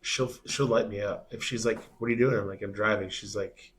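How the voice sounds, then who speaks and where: A man chatting casually as a musician guest, telling stories in a soft, laid-back way with some swearing. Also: on the low side, steady tone, brisk. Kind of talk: casual chat.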